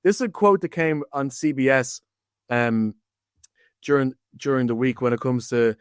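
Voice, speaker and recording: A man's voice: medium pitch, expressive, moderate pace, clear, resonant tone, dry recording, studio quality. An Irish man hosting a sports podcast, chatting casually and jumping animatedly between points. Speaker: podcast host.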